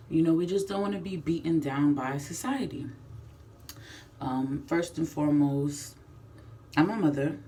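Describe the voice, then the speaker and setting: A woman's voice: low voice, unhurried, mellow, recorded from a distance, a little hiss or hum. A young woman filming a candid confessional vlog in her bathroom, speaking frankly and emphatically, sometimes dropping to a whisper. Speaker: vlogger. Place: home bathroom.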